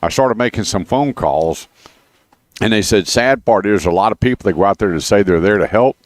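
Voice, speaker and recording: A man with a lowish voice hosts a radio show from a studio, animated and brisk as he chats and tells stories between car dealer plugs. Along the way he repeats the phone number.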